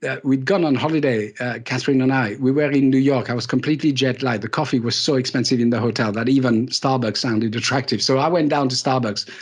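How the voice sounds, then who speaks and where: A man's voice: medium pitch, fast talker, few pauses, husky. A man giving a live leadership talk to an audience, telling stories with self-deprecating humour and repeating key words for emphasis. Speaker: keynote speaker.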